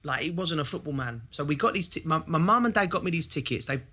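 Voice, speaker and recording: A man's voice: on the high side, lively intonation, fast talker, sharp tone, breathy edge. A man in his thirties from England telling a story in an eager, chatty way on a podcast. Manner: eager, chatty, lots of "yeah". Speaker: host. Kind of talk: casual chat.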